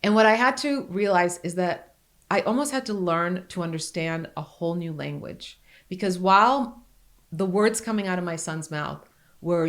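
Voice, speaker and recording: A middle-aged woman speaking earnestly and with emphasis, as if making a heartfelt point on a podcast. Her voice sits a little low for a woman. She rises in pitch when she presses her point home. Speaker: podcast co-host. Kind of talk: casual podcast conversation.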